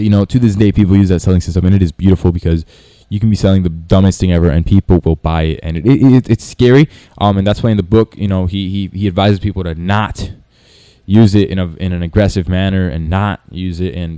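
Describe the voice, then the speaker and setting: A man talks through his cold-calling method in a loose, rambling way, circling back and restarting often. His voice sits low, with a warm, dark tone. The sound is completely dry. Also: fairly even intonation, fast, no echo. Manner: rambling, many restarts and fillers. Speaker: sales coach. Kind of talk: casual talking-head tutorial.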